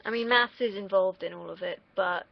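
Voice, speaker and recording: Gravelly woman rambling to camera. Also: mid-range voice, fairly quick. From United Kingdom. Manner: rambling, self-deprecating, swears freely. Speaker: vlogger. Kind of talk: casual rambling monologue. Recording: dull lo-fi recording.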